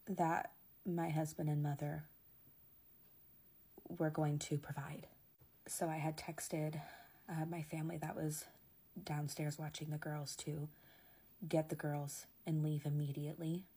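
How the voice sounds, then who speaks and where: A young woman telling a personal story in a soft, often near-whispered and emotional voice. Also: lowish voice, breathy edge.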